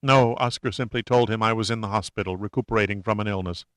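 A man's voice: on the low side, fairly even intonation, quick pace, a bit bright, no room sound, clean studio sound, lightly acted. A man reading the lines of a shaken, remorseful woman conspirator in an audiobook, with a trembling, pleading delivery.

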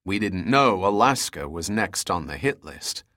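Male narrator doing a cool adventurer hero, low voice, dry wit, clipped lines. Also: big pitch swings, unhurried, sharp tone, heavily acted. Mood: cold.

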